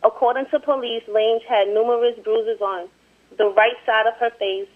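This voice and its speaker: A soft-spoken woman chatting as a guest and reading a news story aloud. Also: a little high, fairly even intonation, normal speed. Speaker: show guest and co-host. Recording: tinny phone-line sound.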